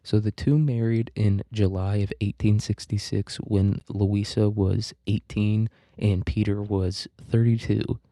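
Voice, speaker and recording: A man giving a casual literature lecture in a very dark, mellow voice that sits fairly low. He rambles, jokes crudely and swears freely. The sound is close and dry. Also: little pitch movement, unhurried, few pauses, no room sound. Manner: rambling, crude and joking, with profanity. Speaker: podcast host teaching literature.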